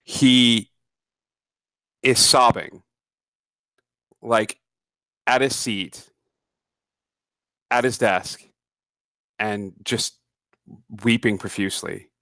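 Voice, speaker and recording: A man narrating a tabletop role-playing game as game master, slow and halting with fillers. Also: mid-range voice, fairly bright tone, no room sound.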